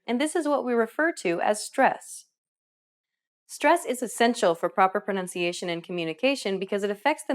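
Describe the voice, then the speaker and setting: Woman, lesson host; scripted narration, friendly, asks questions to engage learners. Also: a little high.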